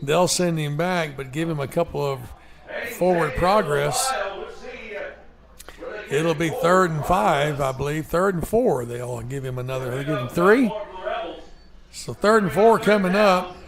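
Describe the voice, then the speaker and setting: A man calling a high school football game play by play in a folksy, emotional way, breaking into excitement on big plays. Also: unhurried, creaky, long pauses. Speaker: play-by-play commentator. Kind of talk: live local sports commentary. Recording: crowd noise behind.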